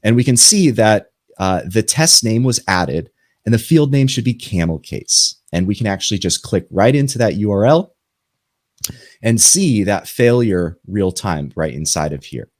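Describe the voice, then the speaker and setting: A man giving a relaxed, conversational tech presentation and answering panel questions. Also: on the low side, no echo, clean studio sound. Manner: relaxed, conversational explainer with fillers. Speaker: presenter from a software company. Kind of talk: conference pitch and panel Q&A.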